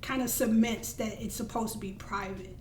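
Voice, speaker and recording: A woman hosting a casual podcast, telling her side as an animated storyteller who acts out quotes with laughter. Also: fairly high pitch, moderate pace. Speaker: podcast host. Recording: roomy, distant mic with faint noise.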